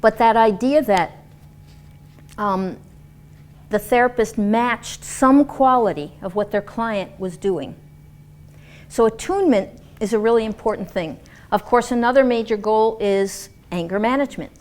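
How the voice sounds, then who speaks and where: A woman lecturing a class on dance and movement therapy in an animated, demonstrative way, acting out example voices. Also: fairly high pitch, a little slow.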